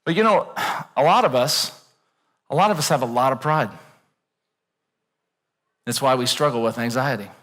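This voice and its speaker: A man preaching a sermon in a church, animated and joking, acting out worried voices. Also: medium pitch, moderate pace, long pauses, big-room sound. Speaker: pastor. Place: church auditorium.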